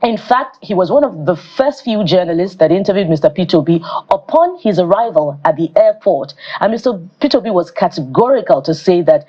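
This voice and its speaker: A woman co-hosting a studio news panel, with a fairly low voice and a measured way of talking. Her voice comes through a slightly dull, lo-fi broadcast sound. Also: animated, dark tone. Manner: measured, reads legal text aloud. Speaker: news show co-host.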